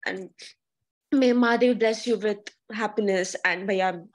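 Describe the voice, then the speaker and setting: A woman, tearful and halting, speaking emotionally on a video call. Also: medium pitch, poor audio. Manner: emotional, halting, repeats words. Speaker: student.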